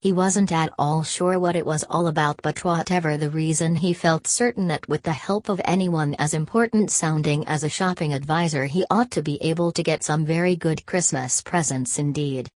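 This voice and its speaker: Brief: woman narrator, low voice, dry close sound, storybook reading. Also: moderate pace, few pauses, darkish tone, no echo. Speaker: reader.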